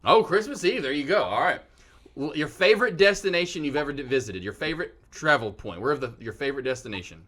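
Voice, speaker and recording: Lively upbeat podcast host man. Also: a little high, quick pace. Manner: upbeat, repeats his questions. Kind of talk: casual podcast interview.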